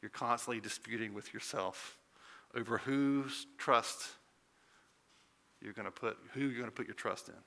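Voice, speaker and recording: A man's voice: mid-range voice, moderate pace, pauses often, bright, forceful tone. A man preaching a conversational sermon as a pastor, swelling into emphatic peaks.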